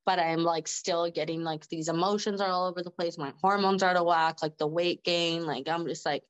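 Lowish woman's voice, chatty podcast guest, giggly and rambling. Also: fairly even intonation, brisk, lo-fi sound. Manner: chatty, laughs often, heavy use of "like". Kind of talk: casual conversational storytelling.

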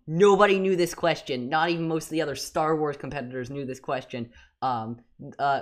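Woman podcast co-host, very low voice, animated and exasperated, stumbles and restarts. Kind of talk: casual fan discussion.

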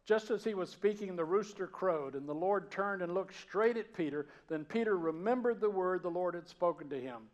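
A pastor from the Georgia mountains, raised with a Southern accent, preaches in a conversational, storytelling style that moves between loud and hushed. His voice is a little high at normal speed, and the recording sounds muffled.

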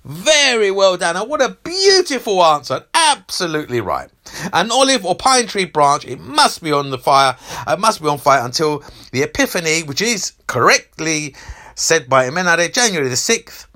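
Lively bright-voiced male quiz host. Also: fairly high pitch, normal speed. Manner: animated, teasing, reads multiple-choice options. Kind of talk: reading out quiz questions.

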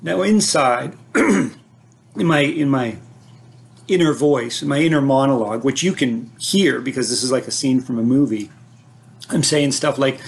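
A man telling a personal childhood story like a scene from a movie, vivid and dramatic, with frequent restarts as he builds to an excited high point. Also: normal speed, creaky.

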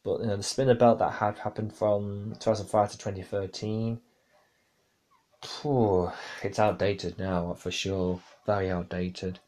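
A man talks through a casual solo podcast in a somewhat low voice. He rambles and restarts his sentences, leaning on fillers as he goes. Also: little pitch movement, a little slow, a little mellow. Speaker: podcast host. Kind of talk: casual wrestling review podcast.

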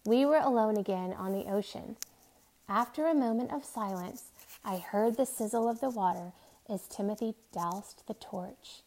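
A woman reading a novel aloud in a steady, soft, measured way. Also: on the high side. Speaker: reader.

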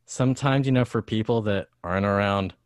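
A man's voice: on the low side, brisk, no room sound, clean studio sound. A young American man, a guitarist hosting a casual chat, rambling with many fillers in an upbeat way. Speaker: host, guitarist.

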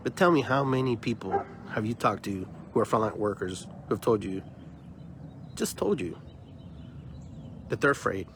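A man's voice: lowish voice, brisk, few pauses, noisy background. A man hosting a podcast, delivering an emphatic, opinionated monologue and often repeating words as he builds his point. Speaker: podcast host.

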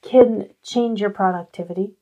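A woman's voice: medium pitch, normal speed, dark tone, dull audio. A woman co-hosting a podcast in casual chat, agreeing often and using casual slang. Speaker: podcast co-host.

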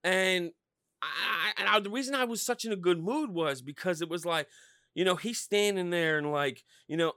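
A man's voice: high-pitched, normal speed, pushed and bright, no echo, clean studio sound. A man from Pennsylvania hosting a solo podcast, ranting heatedly and swearing constantly. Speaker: podcast host.

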